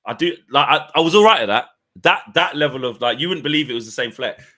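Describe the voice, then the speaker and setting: A man's voice: medium pitch, expressive, fast, sharp tone. A man in his thirties co-hosting a casual chat show, bantering and calling his co-host "mate". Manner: chatty, banter-heavy, repeats "mate".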